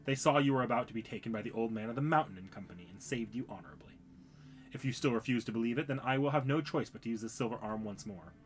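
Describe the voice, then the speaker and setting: A man reading the lines of an earnest, loyal young knight from a game in a calm, formal way. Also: medium pitch, quick pace, pitched below the performer's own voice, natural voice. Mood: firm.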